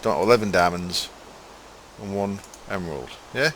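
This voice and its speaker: A deep, fairly bright voice at normal speed belongs to a young man from Hull, East Yorkshire, England, who has a mild Hull accent. Streaming a game over slight background noise, he talks casually with his live chat, wanders from topic to topic, mutters to himself and swears offhandedly.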